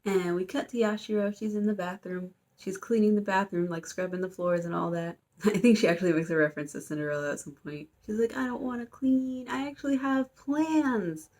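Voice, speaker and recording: A woman's voice: on the low side, fairly even intonation, fast talker, darkish tone. Rambling young woman recapping a show. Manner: rambling, filler-heavy, amused. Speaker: YouTuber. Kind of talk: casual plot recap.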